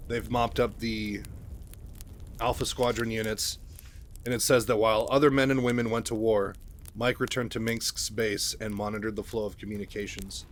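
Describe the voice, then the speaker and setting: A man's voice: mid-range voice, a little hiss or hum. A man casually retelling a book, chatty with fillers and asides. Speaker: storyteller.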